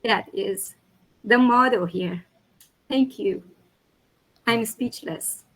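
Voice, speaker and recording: A woman's voice: a little high, poor audio. A woman hosting an online meeting, effusive in her praise for the speakers. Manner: warm and effusive with praise, slow. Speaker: host.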